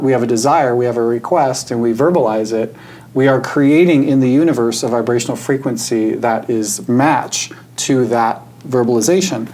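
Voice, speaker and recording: A man, a guest who does energy work, talking earnestly and reflectively in a relaxed conversation and slowing down to stress his points. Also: mid-range voice, low-quality recording. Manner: earnest, reflective, slows down for emphasis. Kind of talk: casual spiritual conversation.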